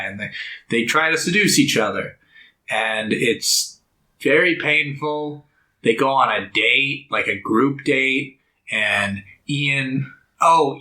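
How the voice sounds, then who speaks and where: A young man co-hosting a podcast, casually recapping a movie's plot and acting out the characters' lines in loud, high voices. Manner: animated storytelling, jumps into loud high voices for quotes. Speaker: podcast co-host. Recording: echoey room.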